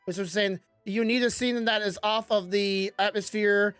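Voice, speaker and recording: A woman's voice: medium pitch, fairly even intonation, moderate pace, clean tone, no echo, faint music behind. A woman giving casual commentary while playing a game, chatty and self-mocking, stumbling as she reads the text aloud. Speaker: gaming streamer.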